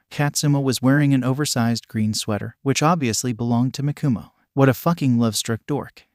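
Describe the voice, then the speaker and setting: Flat-voiced man reading fanfiction. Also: mid-range voice, no room sound, clean studio sound. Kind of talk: scripted fanfiction narration.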